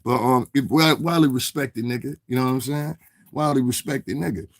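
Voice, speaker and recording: A man's voice: medium pitch, normal speed, dry recording, studio quality. A man, hosting a casual stream and rambling through street-slang commentary while answering viewers in chat. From New York City area. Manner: rambling, streetwise slang, keeps asking "you understand what I'm saying". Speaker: livestream host.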